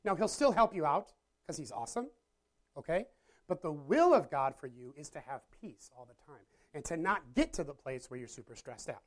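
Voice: mid-range voice, very animated, moderate pace. A pastor giving a casual, conversational sermon to a live audience, often checking in with listeners and joking at their own expense. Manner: chatty, self-deprecating, asks the audience questions. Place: church or meeting room with a live audience.

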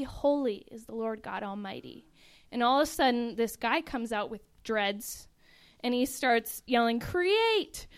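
A woman's voice: a little high, clear, resonant tone. A young woman, an actress in a touring ministry show, vividly and earnestly describing the show to an audience.

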